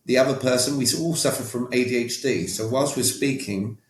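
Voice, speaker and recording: A man's voice: mid-range voice, brisk. A man with a British accent, speaking as an interview guest who coaches on communication. He talks emphatically and directly, often checking in with "all right?". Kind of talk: casual interview talk. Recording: roomy echo.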